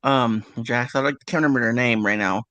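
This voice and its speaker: A host speaking casually and hesitantly, with many fillers and restarts. The voice is bright and a bit tense, in a middle range. The sound is dry. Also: mid-range voice, a little fast, dry recording, dull audio. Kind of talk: casual chat.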